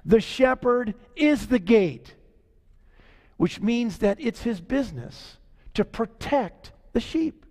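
A man preaching a sermon as pastor, in a conversational way that slows down to stress key lines. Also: extremely high pitch, animated, dark tone. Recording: long hall reverb.

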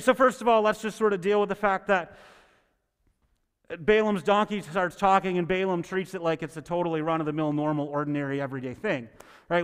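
A male pastor with a high, clean voice preaches a sermon and reads scripture, heard through long hall reverb. He speaks conversationally and keeps checking in with listeners, asking "right?"

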